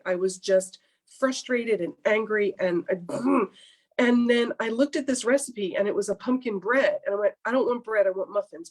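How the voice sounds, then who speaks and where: A middle-aged woman recounts her experience as a coaching client, animated and expressive. She slips into quoted voices of her earlier self as she talks. Her pitch sits mid-range for a woman. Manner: animated, acts out her own past remarks. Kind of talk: candid storytelling interview.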